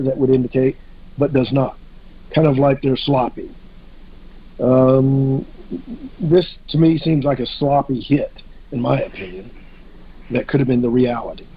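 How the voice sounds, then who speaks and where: A man's voice: mid-range voice, breathy edge, lo-fi sound. A man in a casual podcast discussion, talking hesitantly with many fillers and restarts.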